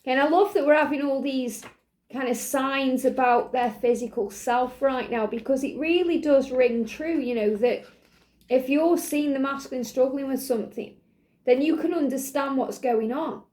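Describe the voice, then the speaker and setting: A woman giving a spiritual reading to her viewers, talking earnestly and reassuringly, with many "you know"s, and now and then clearing a slight cough from her throat. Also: high voice, normal speed, darkish tone. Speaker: spiritual reader. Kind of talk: channelled tarot-style reading to viewers.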